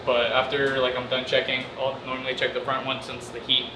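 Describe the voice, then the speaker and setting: Brief: working pitmaster, relaxed explanation, echoey kitchen, air conditioning hum. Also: male voice, medium pitch, brisk. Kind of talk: casual explanation at work.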